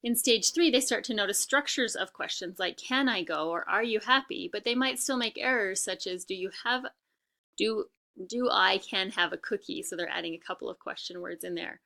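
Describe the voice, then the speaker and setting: A woman's voice: medium pitch, moderate pace, creaky, bright, forceful tone. A woman giving a recorded lecture on child language, explaining with frequent ums and restarts.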